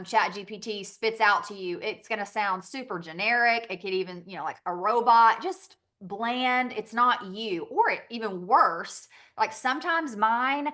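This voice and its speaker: A woman's voice: medium pitch, sharp tone. A woman with a Southern US accent giving a chatty training talk on a team call, laughing often and acting out little quoted exchanges.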